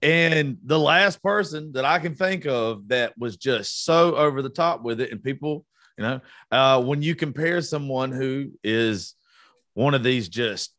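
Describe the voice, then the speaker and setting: A man's voice: mid-range voice, unhurried, a bit bright, no echo, studio quality. A man in his thirties in a casual podcast chat, blunt and profane, getting worked up as he talks. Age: 30s.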